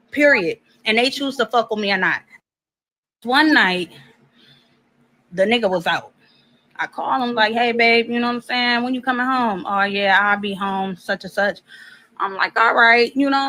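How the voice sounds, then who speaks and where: A woman's voice: medium pitch, poor audio. A woman telling a personal story in a casual way, blunt and profane, acting out both sides of the dialogue.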